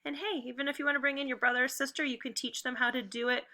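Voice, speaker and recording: A woman teacher with a very bright, sharp-edged voice pitched a touch high leads first graders through phonics drills. She calls out sounds slowly and crisply and cheers them on as they go. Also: steady tone, a little hiss or hum. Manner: slow, clearly enunciated drill prompts; encouraging, upbeat praise. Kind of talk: phonics lesson video for students at home.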